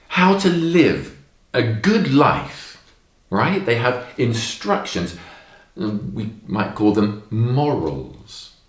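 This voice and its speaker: In a lesson for young children, a man tells stories expressively and emphatically, performing the characters' lines. His voice sits on the low side, and the recording is reverberant.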